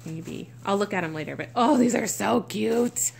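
A woman's voice: medium pitch, normal speed, gravelly, a little mellow, slight background noise. A woman vlogger chatting through an unboxing, gushing and exclaiming with frequent gasps. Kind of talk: unboxing vlog chat.

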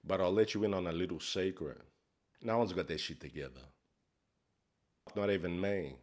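A man's voice: sits low, fairly even intonation, fairly quick, a little mellow, close to an everyday voice. A man playing a brash, crude life coach, swearing in a swaggering, mock-profound comic monologue. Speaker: comedy character host.

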